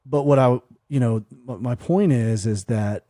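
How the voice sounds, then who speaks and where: Man in his thirties, earnest co-host, mellow tone, dry close sound. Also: mid-range voice, unhurried, no echo. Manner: earnest, frequent fillers and restarts. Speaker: podcast co-host. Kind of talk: conversational storytelling.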